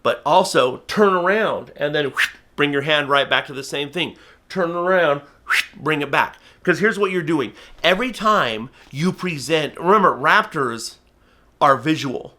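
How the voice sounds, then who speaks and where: A man explains falcon training with eager, emphatic energy. His voice is bright and a touch high, and he leans hard on the key words. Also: measured pace. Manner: energetic, emphatic, acts out bird and viewer voices. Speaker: falconry instructor. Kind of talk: instructional talk to camera.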